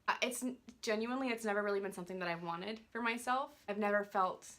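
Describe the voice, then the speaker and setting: A woman's voice: medium pitch, fast talker, fairly bright tone. A young woman chatting casually, bubbly and giggly, saying "like" often. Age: young adult. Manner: bubbly, giggly, uses "like" a lot. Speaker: guest, daughter. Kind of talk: casual chat.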